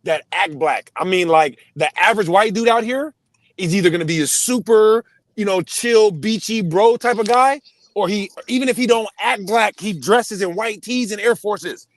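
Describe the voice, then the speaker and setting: Podcast host, a man from Los Angeles with a slightly raised pitch, loose and profane, rambling with lots of fillers. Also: normal speed, no room sound. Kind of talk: casual chat.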